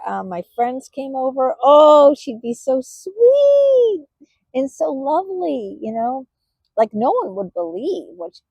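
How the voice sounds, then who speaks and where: A woman vlogger speaks straight to her viewers, halting and emotional, full of fillers and restarts. Her voice sits a little high, mellow and husky, in a dry, close recording. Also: dry recording, low-quality recording. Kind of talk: personal talk to camera.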